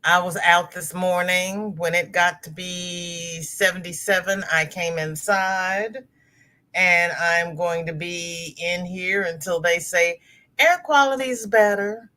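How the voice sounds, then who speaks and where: A woman's voice: lowish voice, steady tone, slow, sharp tone. A woman hosting a casual crochet livestream from her laptop. She greets viewers by name, reads their comments aloud and calls them girl, honey and darling.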